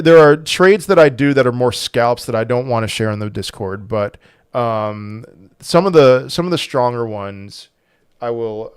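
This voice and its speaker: Brief: male streamer at a desk mic, mid-pitched, halting and restart-heavy, prone to heated outbursts. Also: clean tone, dry recording, clean studio sound. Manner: halting, full of restarts, turns loud and heated when angry. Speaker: crypto livestream host. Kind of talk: casual livestream chat reading viewer questions.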